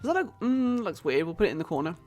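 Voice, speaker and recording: A British woman with a lowish voice talks through her game on a live stream. She chats casually, muses aloud as she builds and calls viewers by name. Soft game music plays quietly underneath. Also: big pitch swings, quick pace. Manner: chatty, thinks aloud, greets chat viewers. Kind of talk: casual gameplay commentary.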